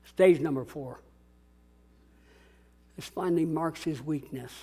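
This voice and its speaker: A man's voice: fairly high pitch, slow pace, mellow, husky. A man preaching a sermon as a pastor, dramatic and calling out to his congregation. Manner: dramatic, call-and-response preaching.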